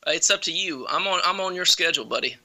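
A man's voice: a little high, lively intonation, quick pace, sharp tone. A man co-hosting a casual chat, easygoing and agreeable, and sometimes trailing off mid-sentence.

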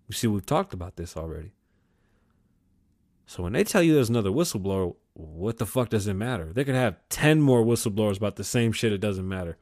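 A man's voice: on the low side, lively intonation, brisk, darkish tone. A man hosting a podcast, delivering a heated, profane comedic rant and acting out the people he quotes. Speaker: podcast host.

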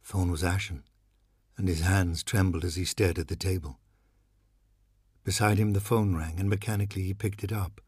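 A man reading a novel aloud in a measured, dramatic manner. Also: deep voice, steady tone, darkish tone, breathy edge, no echo, clean studio sound. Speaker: narrator. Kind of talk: audiobook reading.

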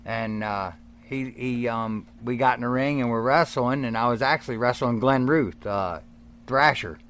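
A man's voice: mid-range voice, moderate pace, slight background noise. A man telling stories in a casual interview about his early days as a wrestler, acting out what others said. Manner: animated storyteller, acts out quotes. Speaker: guest, former wrestler.

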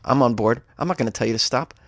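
A man's voice: medium pitch, fast, a little hiss or hum. Wry, joking man hosting a news podcast. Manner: wry, joking, riffs on stories. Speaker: podcast host. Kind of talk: comedic news commentary.

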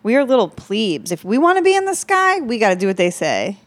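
A woman's voice: on the high side, very animated, brisk. A woman hosting a casual podcast, bantering with jokes and plenty of swearing. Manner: joking, profane banter. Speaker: podcast host.

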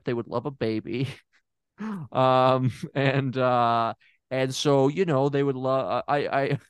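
A man's voice: medium pitch, clear, resonant tone, dry recording, lightly acted. A man playing a bumbling fake therapist in an improvised scene, hesitant and stammering while confidently explaining nonsense.

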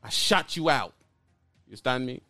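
A man's voice: medium pitch, animated, moderate pace, bright, forceful tone, no room sound, soft background music. Blunt mocking man ranting, dry sound. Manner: blunt and mocking, repeats lines. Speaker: YouTuber calling out another trucker. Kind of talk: heated call-out rant.

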